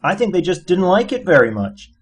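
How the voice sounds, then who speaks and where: A brash, swaggering alien adventurer, as a husky-voiced male narrator puts him on. He talks pushy and breezy, pitched up above the reader's own voice, and sometimes hurries. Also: big pitch swings, brisk, full character voice.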